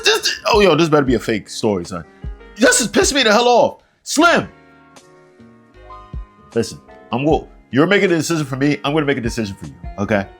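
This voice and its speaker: A man's voice: medium pitch, fairly bright tone, husky. A man hosting a reaction show, ranting in exasperation and laughing often as he comments. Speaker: reaction channel host.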